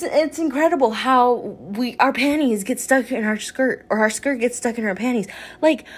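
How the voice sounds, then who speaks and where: A young woman casually recapping a romance novel for viewers, candid and animated, swearing freely, her pitch leaping up when she reacts. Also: husky. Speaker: book reviewer. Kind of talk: casual book recap chat.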